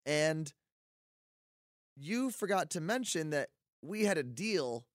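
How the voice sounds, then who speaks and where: A man's voice: on the high side, sing-song, slow, dry recording, clean studio sound. A man co-hosting a radio podcast, chatty and wry in casual banter. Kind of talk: casual chat.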